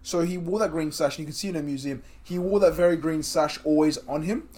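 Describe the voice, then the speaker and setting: A man co-hosting a podcast in loose, rambling chat. He has a light Australian accent and a voice that sits a little higher than most men's. He swears freely and breaks into laughter often. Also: fast, warm tone. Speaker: podcast co-host. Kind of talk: casual chat.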